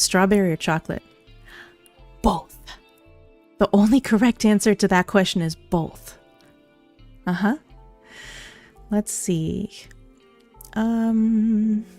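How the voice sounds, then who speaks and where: A woman's voice: medium pitch, darkish tone. A young woman VTuber casually answering viewer questions on a livestream, bubbly and giggly, on a studio condenser mic. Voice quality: giggly, bubbly, self-deprecating. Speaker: VTuber streamer.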